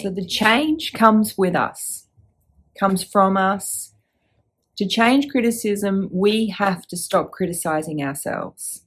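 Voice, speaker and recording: A woman hosting a reflective podcast, gently asking the listener questions and guiding a check-in. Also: lowish voice. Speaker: podcast host.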